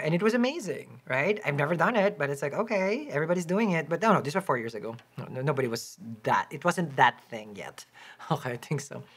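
A woman with a Filipino accent giving a lively, chatty tarot reading and promoting her shop, laughing often. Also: husky. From Philippines. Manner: high-energy, chatty, laughs often, restarts words. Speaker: tarot reader and shop owner.

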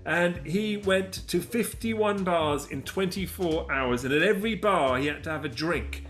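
Chatty male co-host, higher voice. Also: measured pace, fairly bright tone, soft background music. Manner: chatty, rambling with fillers. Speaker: podcast co-host. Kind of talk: casual chat.

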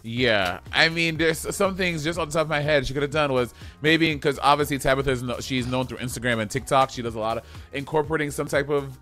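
A man's voice: mid-range voice, quick pace, hardly any pauses, fairly bright tone, soft background music. A man co-hosting a casual TV review chat, blunt and sassy, with lots of cursing. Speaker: co-host of a TV review show.

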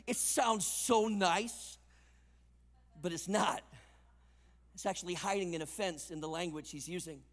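A man delivers a sermon with a high, bright voice. His delivery is emphatic, rising to loud punches and dropping to quiet asides. The sound carries the long reverb of a large conference hall. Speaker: conference speaker.

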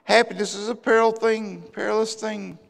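A man, a pastor preaching a sermon with passion, swinging from loud bursts to hushed asides, in a church sanctuary. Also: high voice, flat delivery, normal speed, gravelly. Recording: long church hall reverb.

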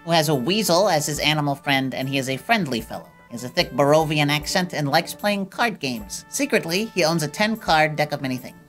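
A woman's voice: low voice, expressive, a little fast, few pauses, faint music behind. A woman player in a tabletop game, casual and playful.

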